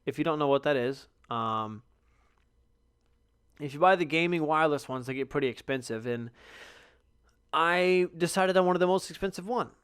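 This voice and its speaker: A tired young man hosts his own podcast, rambling excitably and swearing nearly every line. His voice sits a bit high and comes across smooth and clean. The sound is dry, with no room around it. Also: normal speed, long pauses, no room sound. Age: young adult. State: tired, yawning. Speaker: podcast host. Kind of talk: casual solo podcast chat.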